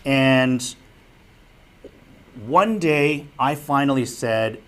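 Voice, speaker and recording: A man's voice: medium pitch, lively intonation, a little slow. Earnest man giving a broadcasting lecture. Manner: earnest, direct, repeats key advice. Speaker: broadcasting instructor and former sportscaster. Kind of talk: public lecture.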